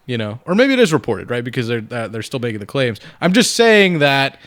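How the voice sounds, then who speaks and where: A man's voice: mid-range voice, big pitch swings, fairly quick, a bit bright, dry recording. A man co-hosting a podcast, chatting casually and hedging with lots of fillers. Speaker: podcast co-host. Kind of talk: casual chat.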